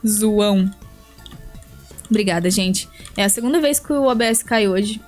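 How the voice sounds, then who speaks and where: A woman from Brazil with a Brazilian Portuguese accent, streaming live and chatting quickly and casually with her chat, swearing now and then. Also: mid-range voice, a little mellow, faint music behind.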